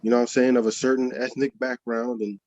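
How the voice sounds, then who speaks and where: A man's voice: medium pitch, level tone, no echo, dull audio. A man in a casual podcast chat, talking in an offhand, slangy way. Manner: slangy, offhand, drawn-out shout-outs.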